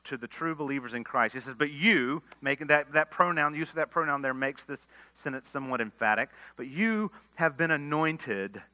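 Male pastor preaching a sermon; very bright tone, earnest, emphatic then hushed, muffled lo-fi audio. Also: mid-range voice. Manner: earnest preaching, swells to emphatic lines and drops to quiet asides. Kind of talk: expository sermon. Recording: dull lo-fi sermon recording.

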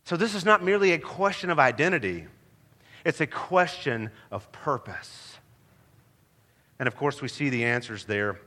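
Male pastor, bright forceful tone, long reverb from a large hall. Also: mid-range voice, moderate pace. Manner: emphatic, animated preaching with rhetorical questions. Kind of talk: sermon.

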